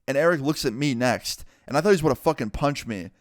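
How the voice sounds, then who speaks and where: A storyteller vlogger with an expressive, mid-range voice tells a story time in a chatty, casual way. He packs his talk with "like" and is quick to act out the people he quotes. The studio sound is clean, with no room sound.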